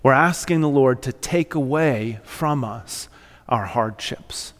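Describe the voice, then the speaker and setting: A middle-aged man preaching a sermon in a church, earnest and storytelling, often dropping to a soft near-whisper. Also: mid-range voice, slow. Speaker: pastor. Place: church sanctuary. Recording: long hall reverb.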